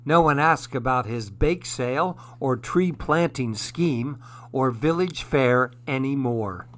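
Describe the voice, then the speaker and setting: Slow, bright-voiced male storyteller. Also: mid-range voice. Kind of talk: children's story narration.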